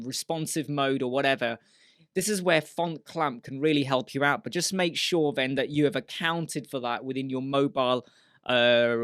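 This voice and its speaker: A man's voice: on the high side, no echo, clean studio sound. Chatty man walking through a tutorial. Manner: chatty, explains step by step, voices imagined viewer questions. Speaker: web design tutor. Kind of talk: screen-share software tutorial.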